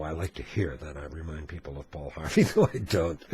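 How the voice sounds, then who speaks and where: A man speaking as a video blogger in an earnest monologue, slow, deliberate and solemn. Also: low-pitched, darkish tone, breathy edge.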